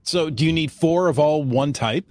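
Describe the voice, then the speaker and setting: A man's voice: fairly high pitch, moderate pace, darkish tone, dry recording. A man hosting a podcast in casual chat, teasing his co-host and laughing through his stories.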